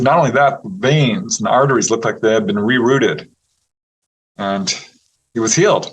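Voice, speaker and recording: A man, a guest on an interview show, telling stories in a casual, animated way, laughing often and acting out what people said. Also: fairly low pitch, rough recording. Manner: animated storyteller who laughs often and acts out quotes. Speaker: interview guest, UFO researcher.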